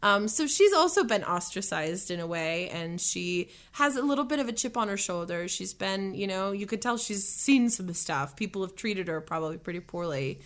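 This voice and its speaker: A woman's voice: mid-range voice, animated, moderate pace, few pauses, fairly bright tone. A chatty young woman talking as a guest in an interview. She is bubbly and laughs often, and she fills her talk with likes and you-knows. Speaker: musician and voice actor guest. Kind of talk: casual interview chat.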